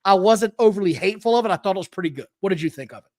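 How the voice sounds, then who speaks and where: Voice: mid-range voice, expressive, very fast. Blunt, profane podcast co-host. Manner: blunt, profane, gets loud when annoyed. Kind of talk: casual podcast chat.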